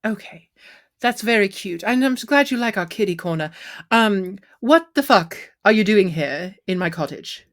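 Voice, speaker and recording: A woman's voice: mid-range voice, animated, moderate pace, close to an everyday voice. A woman voicing a flustered, very camp male satyr shopkeeper in a tabletop game, theatrical and scattered. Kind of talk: tabletop role-play.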